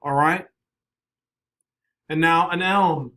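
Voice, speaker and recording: A man teaching a math class, brisk and coaxing, often checking in with the students. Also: a little high, fairly even intonation, sharp tone. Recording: echoey classroom, faint noise.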